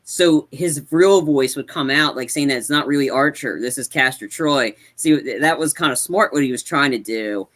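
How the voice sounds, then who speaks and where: A man's voice: mid-range voice, normal speed, few pauses, a bit bright. A man co-hosting a movie review podcast, retelling scenes in a rambling, casual way with lots of fillers. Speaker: podcast co-host.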